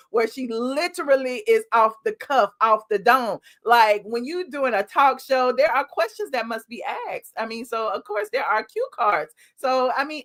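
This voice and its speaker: A woman's voice: high voice, fairly bright tone. A woman hosting a live-stream commentary show, talking in a sassy, emphatic way straight to her viewers.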